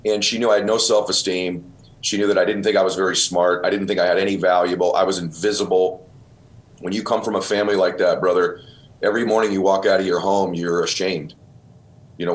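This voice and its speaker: Middle-aged male host, low voice, earnest and emotional storyteller. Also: flat delivery, fairly quick. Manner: earnest, calls listener brother and bro. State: choked up. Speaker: podcast host.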